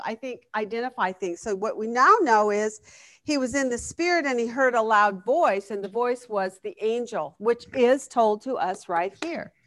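A woman's voice: a little high, dry recording. A woman teaching a Bible study class in a conversational way, often asking the group questions. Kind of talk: interactive Bible lesson.

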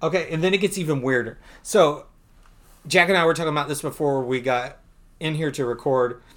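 A man's voice: a little high, a little fast. A man co-hosting a podcast, chatting casually through a comic book recap and often laughing. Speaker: podcast co-host.

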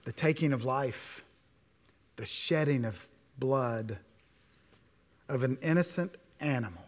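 A male pastor preaching a sermon in a church, stressing words loudly, then dropping to hushed asides, with many rhetorical questions. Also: medium pitch, slow. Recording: long hall reverb.

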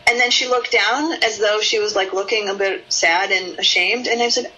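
A woman therapist explaining her work in an interview, sometimes acting out her own curious, soothing session voice with lilting high rises. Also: normal speed, sharp tone, highs cut off.

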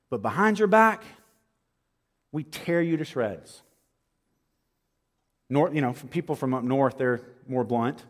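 A man preaching a sermon as a pastor, earnest and building to emphatic peaks, slowing down for stress. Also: medium pitch, fairly bright tone. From American South. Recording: long hall reverb.

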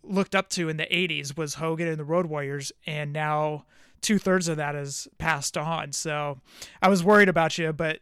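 A man with a bright, slightly high voice telling a personal story to his podcast partner. He is recorded close and dry, with no room sound. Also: fairly even intonation, moderate pace, smooth, no echo. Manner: storytelling, recounting a phone call. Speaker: podcast co-host. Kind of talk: casual podcast chat.

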